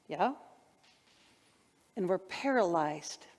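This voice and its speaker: A woman's voice: fairly high pitch, unhurried. A middle-aged woman minister giving a heartfelt, conversational sermon, often putting questions to the congregation. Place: church sanctuary. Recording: long hall reverb in a sanctuary.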